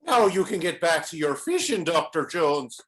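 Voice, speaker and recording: A man's voice: a little high, very animated, normal speed, fairly bright tone, slight background noise. A man playing a hearty police inspector. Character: gruff male police inspector, jovial. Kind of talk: amateur radio-play acting.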